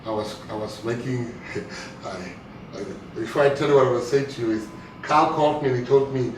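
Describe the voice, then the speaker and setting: A man's voice: mid-range voice, fairly quick. A South African man giving a live speech to an audience, telling jokes and acting out what others said. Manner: joking storyteller, acts out quotes. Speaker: guest speaker. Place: event hall. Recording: echoey hall, mic far off, noisy.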